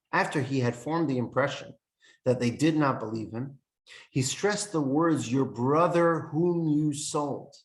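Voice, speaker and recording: A man's voice: fairly high pitch, a bit bright. Man giving an echoey Torah lesson. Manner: earnest, explanatory, quotes texts and commentators. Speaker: rabbi teaching a Torah lesson. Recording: echoey room.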